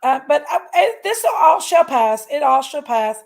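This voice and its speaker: Gravelly-voiced woman livestreamer. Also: high voice, big pitch swings, unhurried. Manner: rambling, folksy, talks to chat. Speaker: livestream host. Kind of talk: casual livestream chat.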